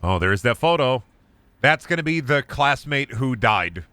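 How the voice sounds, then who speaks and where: A man streaming a video game, giving casual, animated commentary full of jokes and swearing. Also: medium pitch, measured pace, clean tone, dry recording. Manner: animated, profane, joking.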